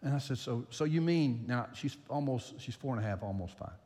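Older male pastor, animated sermon delivery with a swinging pitch, recorded in a reverberant hall. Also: brisk. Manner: animated storyteller, repeats phrases for emphasis. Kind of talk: sermon with personal anecdote.

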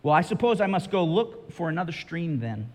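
A man's voice: a little high, sing-song, fairly quick, pitched above the performer's own voice. A man voicing a frightened, thirsty young girl who pleads hesitantly, in a storybook retelling. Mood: pleading. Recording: reverberant hall.

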